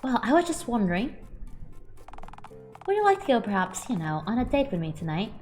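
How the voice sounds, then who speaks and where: A woman voicing a flirty male suitor from a dating game, smooth-talking and casually forward. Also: fairly high pitch, big pitch swings, fairly quick, a little mellow, soft background music.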